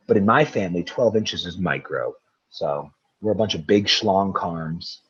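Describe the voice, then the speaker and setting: A young man co-hosting a podcast, telling absurd comic stories with crude, deadpan exaggeration. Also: deep voice, unhurried, breathy edge, no room sound.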